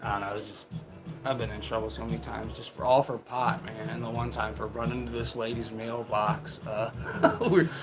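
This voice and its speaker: A man's voice: mid-range voice, little pitch movement, moderate pace, poor audio. Laid-back young man telling stories over music. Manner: laid-back, profane, laughs through his stories. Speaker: storyteller. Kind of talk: casual storytelling. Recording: music playing in the background.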